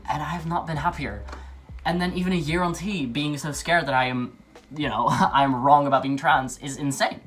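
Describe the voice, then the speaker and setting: A man's voice: fairly high pitch, normal speed, a bit bright, breathy edge. A young adult man talking candidly in a personal vlog, rambling with restarts and nervous laughs. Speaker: vlogger.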